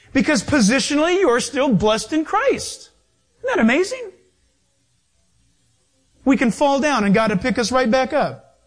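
A man preaching a sermon in a lively, animated way, acting out voices as he goes. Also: very high voice. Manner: animated, acts out voices and quotes.

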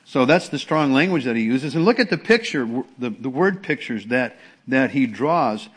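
A man's voice: medium pitch, expressive, moderate pace, slightly rough. A middle-aged man preaching a sermon as pastor, in a conversational way with emphatic repetition and frequent restarts.

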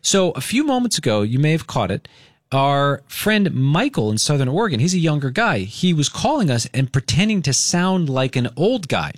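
Male morning radio host, lively swooping delivery, slightly high voice, dry close studio mic, playful. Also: normal speed, dry recording. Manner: upbeat and animated, playful. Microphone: studio microphone.

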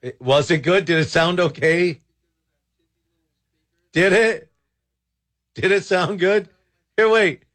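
Male radio host, somewhat high voice, drawn-out rambling delivery, exasperated. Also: a bit bright. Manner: rambling, exasperated, many restarts. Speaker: radio talk show host. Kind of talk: casual talk radio commentary.

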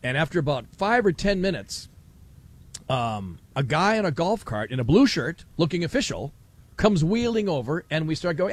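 A middle-aged man hosting live talk radio from an outdoor fair booth. His voice sits fairly high and swings widely as he tells a story. He slips into other people's voices as he goes. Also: normal speed. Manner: animated storyteller, acts out voices. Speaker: radio talk show host.

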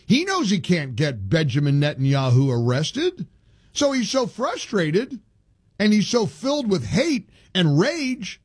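A man's voice: high-pitched, wildly swooping pitch, a little slow, breathy edge, no room sound, studio quality. A male talk show host giving indignant, emphatic political commentary, often restarting his sentences.

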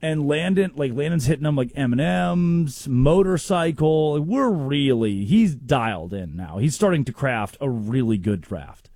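A man hosting a casual, comedic sports talk show, telling stories with quick asides. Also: mid-range voice, no room sound, clean studio sound. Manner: animated storytelling with quick asides. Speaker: sports radio host.

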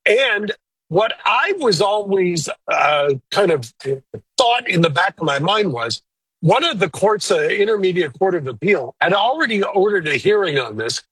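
A man who works as a lawyer, giving blunt, opinionated but measured answers in an interview. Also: sits high, expressive, a bit bright, breathy edge, dry recording, poor audio. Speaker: lawyer guest.

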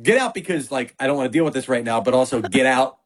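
A middle-aged man, a sports reporter guest, telling stories in a lively way and acting out what others said. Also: medium pitch, fast talker, slightly rough. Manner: animated storyteller, acts out quotes. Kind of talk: casual sports talk.

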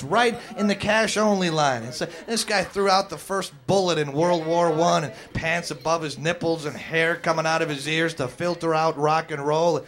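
A man's voice: on the high side, a bit bright. A man doing a chatty stand-up set who quizzes the audience and acts out voices. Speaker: stand-up comedian.

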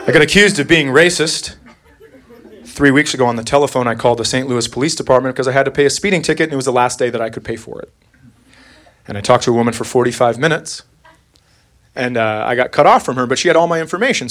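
A man's voice: medium pitch, fast, a bit bright. A man doing a stand-up set, telling a story in an exasperated way and putting on other people's voices. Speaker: stand-up comedian. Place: comedy club stage before a laughing crowd. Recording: live club recording with crowd noise.

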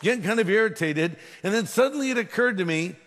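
A man's voice: high voice, animated, quick pace, a bit bright. A man who is a pastor, preaching a sermon with emphatic delivery and humorous storytelling. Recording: long hall reverb.

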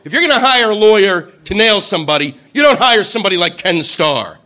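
A man doing a stand-up routine, animated and profane, shouting out the voices he quotes. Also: high-pitched, a little fast. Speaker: stand-up comedian.

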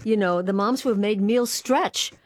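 A woman radio host in relaxed, playful chat. Her voice sits at a middle pitch and she jokes easily with her co-host and guest. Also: moderate pace, dry recording. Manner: playful, chatty.

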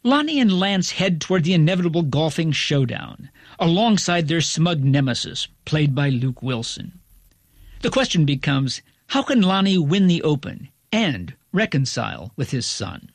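A male critic reading a scripted review in a wry, articulate, measured way. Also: on the high side, sing-song, no echo, studio quality.

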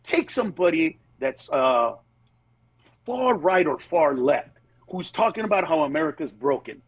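A man's voice: fairly high pitch, unhurried, slightly rough. A middle-aged male comedian on a phone call, telling stories and acting out other people's voices in a casual interview. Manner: animated storytelling, acts out voices of others. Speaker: comedian guest. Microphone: phone with Bluetooth.

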